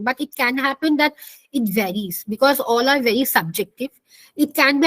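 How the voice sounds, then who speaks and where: Instructor: woman, high pitch, repeats her points, dry close sound. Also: normal speed, fairly bright tone, no room sound, low-quality recording. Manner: explanatory, repeats key points, asks the class questions. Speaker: counselling instructor. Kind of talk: online class lecture.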